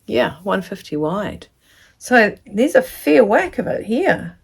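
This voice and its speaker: A woman, chatting casually to camera as she unboxes a gift of fabric, gushing and sometimes dropping into soft whispers. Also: mid-range voice, sing-song, takes it slowly, vocal fry, husky. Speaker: sewing vlogger.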